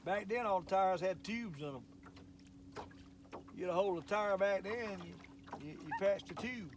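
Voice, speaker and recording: A man's voice: sits high, unhurried, background noise. An older man, talking in a folksy, rambling way while he fishes from a boat on a lake. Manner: folksy, rambling, drawling country talk. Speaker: fishing show host. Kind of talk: casual fishing vlog monologue.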